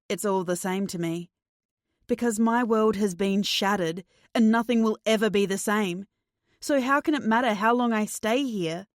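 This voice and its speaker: Woman, audiobook narrator, thriller, unhurried delivery, dry close sound. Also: medium pitch, dry recording. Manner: slow, measured and tense. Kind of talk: first-person thriller narration.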